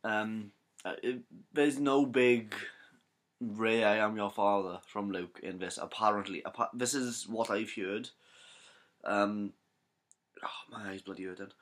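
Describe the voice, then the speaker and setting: A man's voice: fairly low pitch, unhurried, fairly bright tone. A young man with a Welsh accent chatting casually to camera, rambling and correcting himself, with trouble saying his th sounds. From Wales. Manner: rambling, self-correcting, slangy. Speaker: fan vlogger. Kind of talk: casual theory chat to camera.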